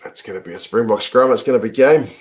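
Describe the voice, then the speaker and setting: A man hosting a live rugby watch-along from home, commentating on the match, chatting with viewers, and yelling at the TV in excitement. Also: medium pitch, fast. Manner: excitable, yells at the screen, chats with viewers. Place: home, in front of a TV.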